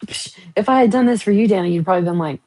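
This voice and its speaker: A woman's voice: mid-range voice, very fast, a little mellow, rough recording. A woman hosting a casual livestream from home, chatting, joking and teasing as she talks. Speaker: livestream host. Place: at home, painting her nails.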